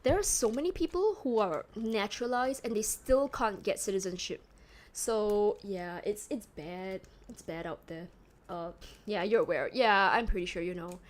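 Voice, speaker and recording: A woman's voice: medium pitch, moderate pace. A young woman from Singapore with a toned-down Singaporean accent, chatting casually on a live stream, rambling and self-mocking as she reads chat aloud. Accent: Singaporean English, toned down.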